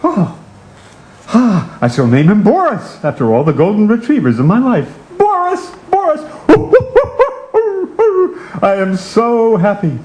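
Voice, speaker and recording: Man playing a wailing, self-pitying older guy, high and swooping. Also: big pitch swings, normal speed, low-quality recording. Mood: delighted. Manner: high wailing, shouting, cranky. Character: whiny self-pitying retired man, himself.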